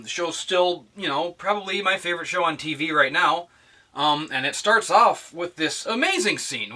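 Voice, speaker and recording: A man's voice: on the high side, pushed and bright, distant mic. A young man ranting to camera in a profane, sarcastic vlog. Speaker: vlogger. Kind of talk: animated rant to camera.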